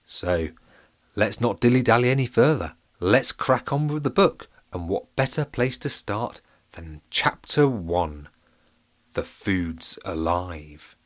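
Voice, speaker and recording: A man's voice: fairly low pitch, animated, slow. A man narrating a children's audiobook, with playful asides to his listeners. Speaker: storyteller.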